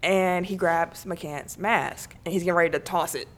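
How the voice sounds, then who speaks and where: A woman co-hosts a sports podcast, telling stories animatedly in casual sports chat and laughing often. Her pitch is fairly low and her pace moderate.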